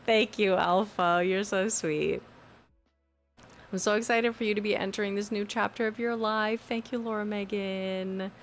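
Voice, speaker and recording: A woman's voice: mid-range voice, fairly even intonation, normal speed, soft background music. A young woman chatting casually on a live stream from her new home, talking into a desk USB mic without a pop filter. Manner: chatty, rambling, giggly. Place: new home with fan and AC running.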